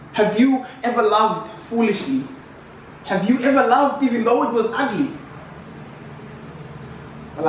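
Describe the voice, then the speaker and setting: A young South African man performing spoken-word poetry in an office, with a rhythmic, impassioned recitation built on repeated refrains. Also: high-pitched. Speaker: poet. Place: office room. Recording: very echoey room, mic far off, faint noise.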